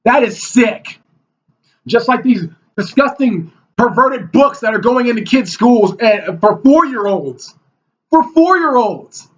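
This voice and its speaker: Guy with a really high voice ranting at the camera, heated and mocking, dull muffled lo-fi audio. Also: measured pace. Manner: heated and mocking, mimics opponents in whiny voices. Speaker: video blogger. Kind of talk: ranting monologue. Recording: dull lo-fi recording.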